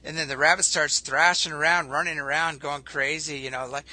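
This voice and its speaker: A man hosting a spiritual talk show, telling stories in an animated way. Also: on the high side, moderate pace, few pauses. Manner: storytelling, animated. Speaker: host.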